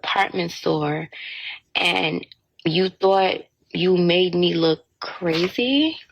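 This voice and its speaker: Indignant young woman with a gravelly voice. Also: lowish voice, very slow, muffled recording, a little hiss or hum. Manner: indignant, exasperated, quotes others a lot. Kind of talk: casual storytime rant to camera.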